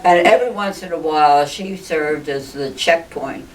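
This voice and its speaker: Speaking at normal speed in a low voice, an older ballooning pioneer shares stories during a relaxed group interview, chatty and frequently laughing. The mic sits at a distance and picks up faint noise.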